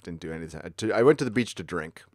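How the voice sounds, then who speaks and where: A middle-aged man from San Diego, chatting casually as a livestream host and telling rambling, profane stories that jump into sudden high-pitched bursts. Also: lively intonation, rapid-fire, dry recording. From San Diego, California. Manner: laid-back, profane storytelling with sudden high-pitched outbursts.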